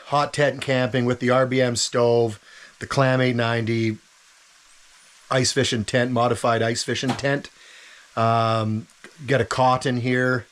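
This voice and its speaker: A man filming a relaxed camp cooking vlog inside an ice fishing tent, savoring his food and talking with his mouth full. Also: medium pitch. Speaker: outdoor vlogger.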